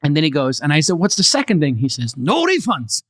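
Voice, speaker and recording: Middle-aged man, podcast co-host, casual chat, storytelling, teasing, a bit high-pitched. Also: animated, fast talker, fairly bright tone, dry recording. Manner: storytelling, teasing, gets laughing.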